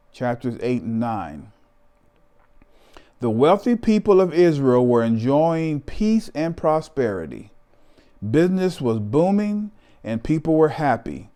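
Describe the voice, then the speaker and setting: A man gives a Bible study lesson in a slow, unhurried delivery. His tone is mellow and dark, and his pitch sits in a middle range. He reads in a measured way and lets his voice fall away on each scripture reference. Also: clean tone. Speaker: Bible teacher.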